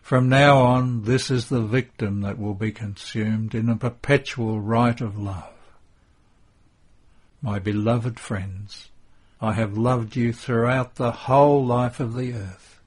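A man's voice: mid-range voice, steady tone, slightly rough. A man voicing Jesus as a solemn, tender figure bidding farewell, in a devotional audiobook reading. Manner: slow, grave and tender.

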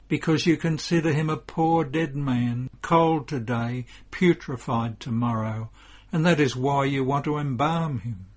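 A husky-voiced man voicing a grieving mother who pleads with anguished exclamations beside her dead son. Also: medium pitch, unhurried, lightly acted. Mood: pleading.

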